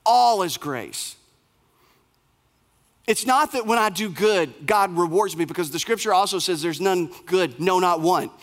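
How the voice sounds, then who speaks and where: A man's voice: high-pitched, animated, a little slow, a bit bright. A male pastor preaching a sermon in a conversational way, asking the audience questions and acting out quotes.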